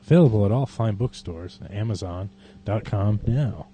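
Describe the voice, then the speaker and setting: Low, dark-voiced male podcast host. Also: lively intonation, moderate pace, a little hiss or hum. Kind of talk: casual chat and poetry reading.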